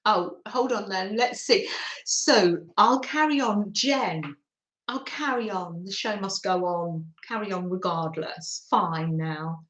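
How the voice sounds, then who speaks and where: A woman's voice: medium pitch, takes it slowly, fairly bright tone, echoey room. A woman hosting a craft livestream, chatting casually and giggling as she reads out viewer comments on her phone. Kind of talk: casual live chat with viewers.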